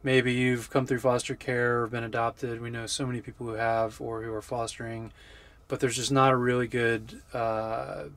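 A man's voice: medium pitch, flat delivery, normal speed, a bit bright. A man in his thirties hosting a casual travel vlog outdoors, joking and talking straight to the camera. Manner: easygoing, jokey, talks to the camera. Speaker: vlog host. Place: outdoors on city streets.

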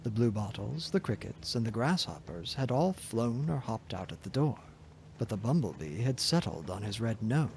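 Softly spoken man reading a fairy tale. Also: lowish voice, normal speed, creaky, slight background noise. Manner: gentle, expressive reading. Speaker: storyteller.

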